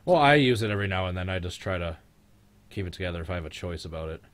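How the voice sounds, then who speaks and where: A young man streaming a live race reaction, chatting casually with a friend and joking, getting loud when the race heats up. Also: deep voice, very fast. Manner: joking, gets loud and excited at race moments.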